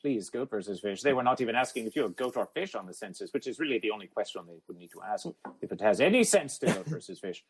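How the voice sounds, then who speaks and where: A man with a slightly rough, lowish voice talks fast with lively intonation and few pauses, recorded in low quality through a phone app. As host of an absurdist comedy podcast, he uses the third person for himself, never uses contractions, and keeps repeating his catchphrases in a chant-like way.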